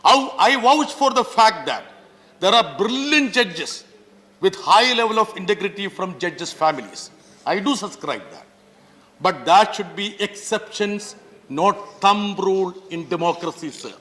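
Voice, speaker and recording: A man's voice: sits high, sharp tone. Emphatic Indian man speaking in parliament. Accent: Indian English. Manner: emphatic, repeatedly addressing the chair as sir. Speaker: member of parliament. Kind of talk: parliamentary speech. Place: parliament chamber. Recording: long reverb of a large hall.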